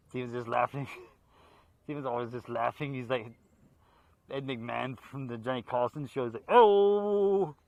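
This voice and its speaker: A man hosting a horror movie show outdoors in a park, talking casually and off the cuff, excitable and quick to laugh. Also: medium pitch, creaky, phone-quality sound. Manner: excitable, laughs a lot, jokey asides.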